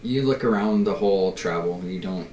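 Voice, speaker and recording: A man's voice: low-pitched, moderate pace, darkish tone, roomy sound, recorded from a distance, a little hiss or hum, rough recording. A man narrating as game master of a tabletop game, in a casual, hesitant way.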